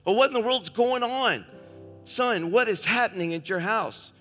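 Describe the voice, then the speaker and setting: A man's voice: high voice, normal speed, a bit bright, big-room sound, faint music behind, pitched above the performer's own voice. A man voicing an impatient adult male boss on the phone in a sermon story, pressing with questions. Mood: alarmed. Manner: pressing, increasingly alarmed questions.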